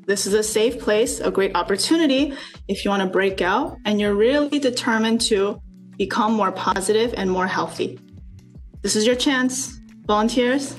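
A woman's voice: mid-range voice, soft background music. A woman leading a group over a video call, coaxing and asking lots of questions. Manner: slow, coaxing, asks many questions. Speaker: speaker leading a student workshop.

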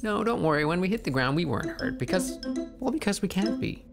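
A sly gravelly trickster raven. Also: male voice, high voice, music in the background, full character voice. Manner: teasing, slow storytelling with lively swings. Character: mischievous trickster raven, playful storyteller. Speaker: narrator. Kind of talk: animated film narration.

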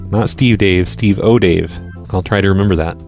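A man hosting a live radio show and making prank phone calls, speaking deadpan and often stumbling over his words. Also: deep voice, normal speed, faint music behind. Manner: deadpan, stammers and repeats words. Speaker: prank-call radio host.

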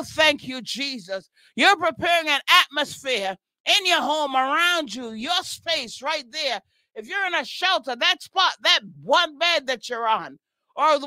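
A woman's voice: high voice, pushed and bright, dry recording. A woman leading an impassioned spoken prayer, crying out repeated praises and breaking into tongues. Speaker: prayer leader. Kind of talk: fervent spoken prayer and exhortation.

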